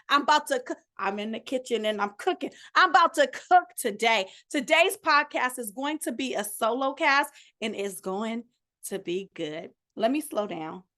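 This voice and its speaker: A high-pitched middle-aged woman hosts her solo coaching podcast. She talks in an animated, sermon-like way, mixing encouragement with casual slang and quick asides to her listeners. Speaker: life and relationship coach, podcast host.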